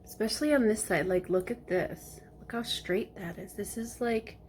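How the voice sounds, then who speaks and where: A woman's voice: medium pitch, moderate pace, a little mellow, a little hiss or hum. A woman chatting casually to the camera from home, rambling between topics and sometimes dropping to a whisper. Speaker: vlogger. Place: at home, working from home.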